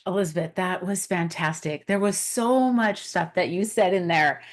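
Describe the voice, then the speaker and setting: A woman hosting a podcast speaks in a fairly low voice. She responds to her guest with enthusiasm and affirms what she hears. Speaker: podcast host. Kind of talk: podcast interview.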